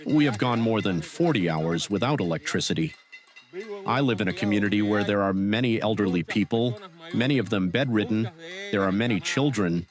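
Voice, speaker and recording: A man reads an interview translation as a voice-over in an earnest, plain tone. His voice is fairly low, and a crowd is clearly heard behind him. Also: brisk.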